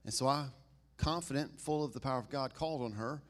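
A man with a Southern accent, a pastor giving a casual, humorous sermon that swings between loud emphasis and quiet asides. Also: mid-range voice, fairly quick. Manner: conversational and humorous, laughs and asks "right?".

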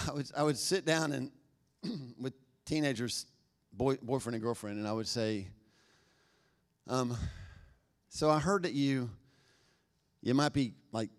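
A middle-aged man preaches in a loose, conversational way, cracking jokes and acting out little quoted exchanges. His voice sits at an ordinary pitch, and he mixes humor into the talk. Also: unhurried, pauses often. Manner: conversational, joking, animated acted-out quotes. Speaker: pastor. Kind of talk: sermon.

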